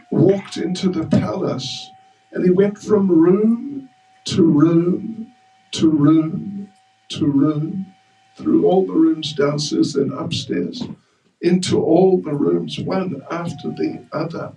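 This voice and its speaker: A man's voice: high voice, very animated, takes it slowly, vocal fry, mellow, a little hiss or hum. A man giving a storytelling religious class in a temple hall, joking with the audience. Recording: roomy hall, mic far off.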